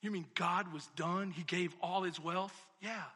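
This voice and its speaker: High, bright preacher with a gravelly edge. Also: male voice, steady tone, a little slow, big-room sound. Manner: swings from shouted, emphatic preaching to hushed, intimate reflection. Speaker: pastor. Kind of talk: sermon.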